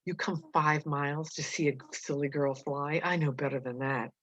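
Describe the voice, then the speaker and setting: A woman's voice: low-pitched, unhurried, fairly bright tone, no echo. A woman reading the lines of a scheming, lovesick teenage girl in a coaxing, taunting way, on a dull, dry recording. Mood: pleading.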